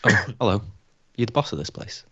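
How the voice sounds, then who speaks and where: A man's voice: on the low side, lively intonation, a little fast, sharp tone, slightly rough, exaggerated voice. A man voicing a dim, nervous thief posing as a chef in a live script read, hesitant and bumbling, on a lo-fi line. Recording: lo-fi dull sound.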